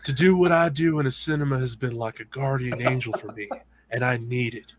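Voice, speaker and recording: An intense middle-aged movie star, as a man puts him on, speaking in a slow, drawn-out, dramatic way. The delivery is earnest and heavy, with a middling pitch for a man. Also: background noise, close to an everyday voice. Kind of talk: impression of a famous actor.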